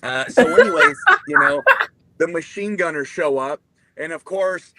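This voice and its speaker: An American Marine veteran, a podcast guest, casually tells a profane war story, animatedly acting out the voices of the people in it. His voice sits high and is creaky and unhurried, with a noisy background.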